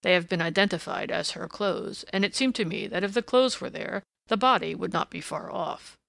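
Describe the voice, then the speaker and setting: A woman voicing a stubborn, blustering police inspector from a storybook who argues with bitter insistence. The voice has a gravelly grain and a dry, close sound. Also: on the low side, normal speed, a bit bright, no echo. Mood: insistent. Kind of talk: audiobook character reading.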